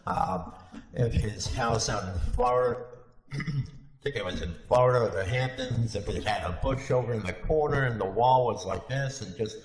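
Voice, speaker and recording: A man chatting as a podcast guest, hesitant and halting, repeating his words. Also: medium pitch, animated, a crowd in the background. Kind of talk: casual chat. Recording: echoey line with noise and clicks.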